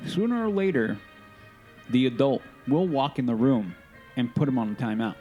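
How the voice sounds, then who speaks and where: A man's voice: mid-range voice, expressive, normal speed, mellow, faint music behind, rough recording. A man co-hosting a podcast in casual chat, emphatic, repeating himself for stress. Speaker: podcast co-host.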